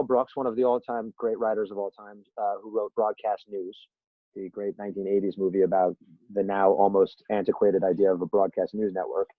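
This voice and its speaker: A man's voice: on the low side, no echo. A man as a podcast guest in casual interview chat, a rambling, self-deprecating storyteller who acts out quotes. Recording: tinny phone-line sound, dry.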